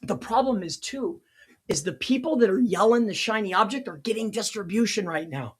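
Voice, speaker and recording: A man hosting a casual live teaching stream as a consultant, talking in an excitable, rambling way, laughing at his own jokes, his voice sounding strained. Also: high-pitched, brisk, breathy edge. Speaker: local SEO consultant and livestream host.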